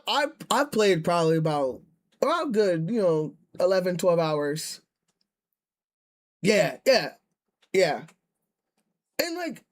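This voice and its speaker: A man streaming and reacting, ranting in casual chat with many restarts and rambling asides. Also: a little high.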